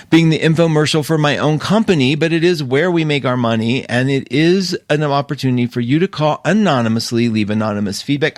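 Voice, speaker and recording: A man's voice: mid-range voice, no room sound. Male host, casual and rambling, laughs a lot, dry close sound, mid-range voice. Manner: chatty, rambling, laughs often. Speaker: astrology show host. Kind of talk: casual live-stream talk.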